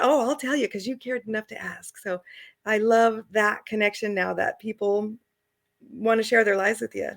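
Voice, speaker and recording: A chatty middle-aged woman with a slightly high voice, guesting on an interview. She tells her travel stories casually, laughs easily and slips into the voices of the people she quotes. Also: steady tone, normal speed.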